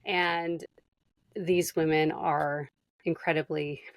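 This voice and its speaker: A woman's voice: sits low, flat delivery, slow pace, no echo. A woman hosting a podcast, chatting casually and responding with affirming, emotional remarks. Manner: affirming, emotional, "you know" fillers. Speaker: podcast host. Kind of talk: casual interview chat.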